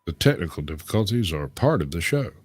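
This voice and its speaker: A man's voice: low-pitched, sing-song, fast, slightly rough, no echo. A man joking wryly as co-host in casual live-stream banter. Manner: joking, wry.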